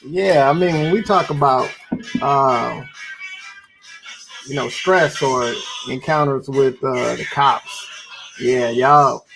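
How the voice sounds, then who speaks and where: A man's voice: mid-range voice, slow pace, creaky, long pauses, music in the background, poor audio. A man in his fifties from San Antonio, Texas, speaks in a laid-back, conversational way as a podcast co-host. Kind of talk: casual group discussion.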